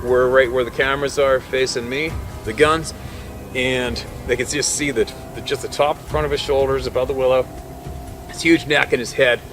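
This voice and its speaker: A man, a hunting guide, telling a tale vividly, with quick laughs between phrases and swings from hushed to loud. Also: mid-range voice, steady tone, over music. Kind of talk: animated storytelling. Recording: noisy background hum.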